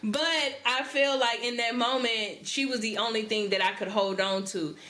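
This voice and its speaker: A woman's voice: fairly high pitch, fairly even intonation, moderate pace, sharp tone. A woman in her thirties, a podcast co-host, chatting casually and telling candid stories, often laughing and acting out quotes. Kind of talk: casual chat.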